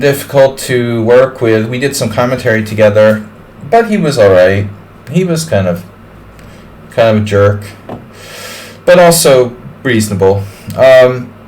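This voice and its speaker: A man's voice: medium pitch, darkish tone, slight background noise. A man streaming live, giving casual, chatty chess commentary. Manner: chatty, rambling.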